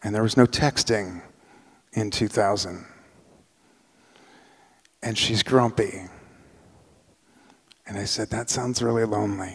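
A man's voice: fairly low pitch, slow, long pauses, breathy edge. Man telling a story in a reverberant hall. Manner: animated, acts out quoted voices. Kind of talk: live personal storytelling.

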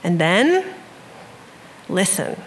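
A woman's voice: lowish voice, sing-song, extremely slow, a little hiss or hum. A woman in her forties from Iowa, telling a candid, emotional personal story in a conversational way. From Iowa, USA. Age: 40s.

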